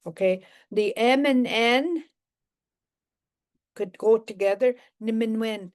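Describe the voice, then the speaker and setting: A woman teaching a live language lesson, patiently repeating each phrase and gently correcting pronunciation. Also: fairly high pitch, expressive, takes it slowly.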